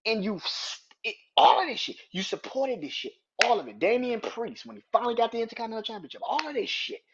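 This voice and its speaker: A man's voice: extremely high pitch, expressive, quick pace, very noisy. A man hosting a wrestling podcast, ranting in a heated, profane, emphatic way. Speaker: podcast host. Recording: dull lo-fi audio.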